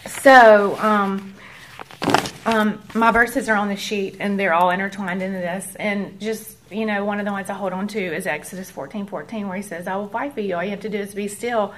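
A woman's voice: medium pitch, a bit bright. Earnest woman sharing a testimony. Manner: earnest, conversational, acts out quoted voices. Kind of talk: personal testimony to a church group.

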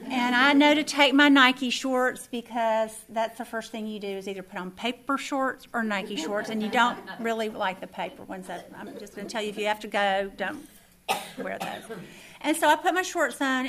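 A middle-aged woman teaching a faith lesson, telling a personal story with lively acted-out dialogue. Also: fairly high pitch, moderate pace, crowd noise. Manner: animated storyteller who acts out quoted dialogue. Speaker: Bible study teacher.

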